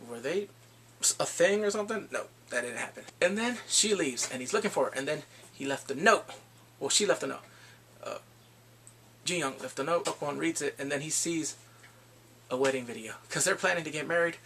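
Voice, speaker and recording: A man recapping a film in casual chat, animated and full of reactions. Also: on the high side, slight background noise. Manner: animated, reacts with exclamations and gasps. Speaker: movie reviewer.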